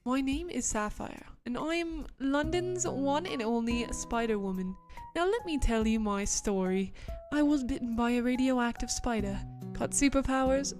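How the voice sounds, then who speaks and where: Girl doing a put-on british accent as a proud young london superheroine, theatrical announcer vibe, kinda high voice. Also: a little mellow, close to an everyday voice. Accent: put-on British English. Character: confident young London superheroine narrating her origin.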